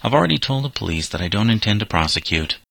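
A man voicing an elderly, humble male florist who speaks gently and forgivingly. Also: on the low side, sing-song, fast talker, creaky, dry recording, exaggerated voice, low-quality recording. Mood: gentle. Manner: gentle, earnest storytelling delivery.

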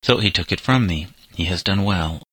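A man voicing an elderly, humble male florist who speaks gently and forgivingly. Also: low voice, moderate pace, breathy edge, no room sound, rough recording. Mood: gentle. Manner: gentle, earnest storytelling delivery.

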